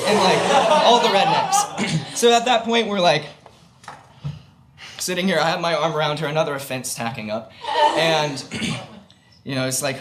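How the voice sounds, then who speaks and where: Heavy background noise surrounds a young man whose voice sits on the high side and moves at normal speed. He's telling an audience a personal story from the stage, rambling along with plenty of fillers and self-deprecating jokes.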